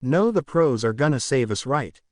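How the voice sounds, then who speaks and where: A man's voice: medium pitch, expressive, normal speed, darkish tone, dry recording, clean studio sound, lightly acted. A man voicing a small, cheeky teen boy student who gets whiny and panicky, in a fan story reading.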